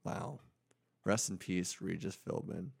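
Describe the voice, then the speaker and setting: Podcast co-host, male, gravelly low voice, dry joking banter. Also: takes it slowly, a little mellow. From Arizona. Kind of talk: casual chat.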